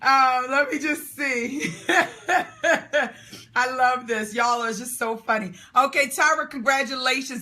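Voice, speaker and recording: Lady hosting a live stream, high bright voice, laughing and whooping a lot. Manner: exuberant, laughs often, whoops and cheers. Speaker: host of a live Q&A call. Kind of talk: lively live-stream chat, reading comments.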